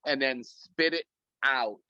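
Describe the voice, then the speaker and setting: A man's voice: mid-range voice, slow, pushed and bright, smooth, dry recording, muffled recording. Effusive man talking into his phone. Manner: rambling and effusive, many restarts. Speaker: guest speaker. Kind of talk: casual video call talk. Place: corporate office.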